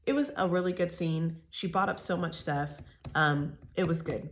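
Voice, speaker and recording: A woman's voice: lowish voice, normal speed. A woman giving a casual, opinionated reality TV recap, chatty and full of fillers and restarts. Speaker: TV recap host.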